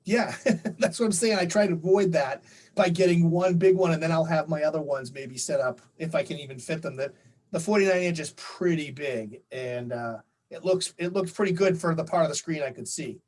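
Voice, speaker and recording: A man's voice: on the high side, a little fast, darkish tone, poor audio. Chatty man on a video call. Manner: chatty, rambling storyteller with many fillers. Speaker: guest. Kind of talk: casual chat.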